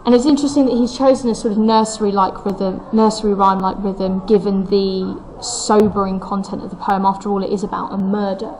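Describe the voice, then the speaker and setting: A woman giving a recorded poetry lesson, her voice pitched in an ordinary middle range. She explains a step at a time, opening points with "so" and asking rhetorical questions. She reads the lines aloud, leaning on the stressed beats, and a faint noise sits behind her. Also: fairly even intonation, brisk, few pauses, a little mellow, poor audio. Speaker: English teacher.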